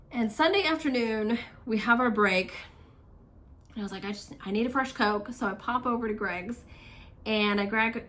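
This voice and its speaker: A woman's voice: mid-range voice, a bit bright. A woman hosting a cross-stitch vlog, telling stories in a chatty, enthusiastic way and laughing often. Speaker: Flosstube host. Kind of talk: casual storytelling vlog.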